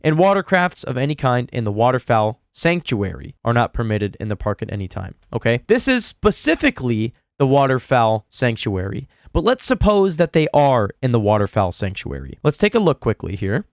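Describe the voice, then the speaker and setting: A man's voice: very animated, a little fast, hardly any pauses, dry recording, studio quality. A man giving sarcastic, indignant commentary over a video clip. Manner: indignant, sarcastic, swings into high exaggerated voices. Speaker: commentary YouTuber. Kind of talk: reaction commentary.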